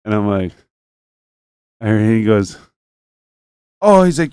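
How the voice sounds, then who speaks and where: A man's voice: on the low side, sing-song, slow, dark tone, clear, resonant tone, no echo, studio quality. A man telling a long, rambling story in casual chat, cursing freely and acting out both sides of a phone call.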